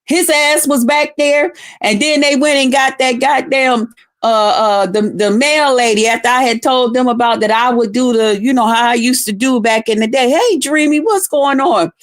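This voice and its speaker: A woman on a livestream rants through a long grievance, swearing freely and looping back on her own points. Her voice sits a little high, and she breaks off now and then to greet viewers by name. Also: fairly even intonation, moderate pace. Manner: profane, rambling storytelling, greeting viewers mid-story. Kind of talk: casual livestream rant.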